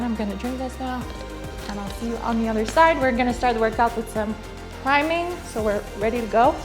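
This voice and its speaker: A woman's voice: fairly high pitch, fairly quick, over music. A young woman talking casually to the camera about her workout in a home garage gym, chatty, with fillers and small laughs. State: out of breath at times. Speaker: fitness vlogger.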